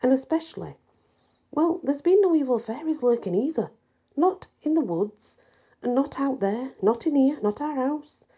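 Woman reading as a stern scolding dad in a story, mellow husky voice. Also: on the low side, expressive, normal speed. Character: stern, dismissive middle-aged father.

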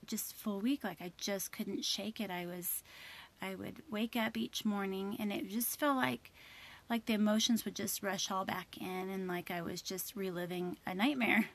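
Woman in her thirties, mid-pitched, recounting a stressful personal story casually with lots of fillers. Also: steady tone, moderate pace. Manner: emotional, many fillers, quotes herself and others. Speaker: mother telling a personal story.

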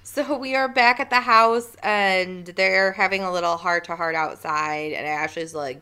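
A woman's voice: lowish voice, fairly even intonation, normal speed, few pauses, sharp tone, smooth. A woman co-hosting a casual recap podcast, chatty and retelling scenes by acting out characters' lines. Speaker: podcast co-host.

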